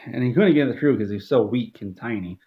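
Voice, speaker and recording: A man in deadpan comedic storytelling, rambling with restarts. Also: medium pitch, brisk, narrow, tinny audio.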